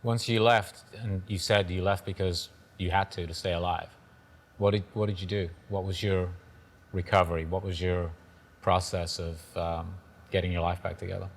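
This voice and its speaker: A man's voice: sits low, level tone, moderate pace, vocal fry. An American man hosting an interview, asking probing follow-up questions.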